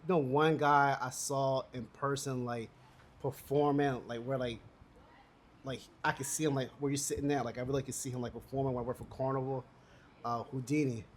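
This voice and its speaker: A middle-aged man telling stories in casual chat, animated and acting out the quoted voices as he goes. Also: normal speed, a little hiss or hum. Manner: animated storyteller, acts out quoted voices with high pitch jumps. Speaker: podcast co-host.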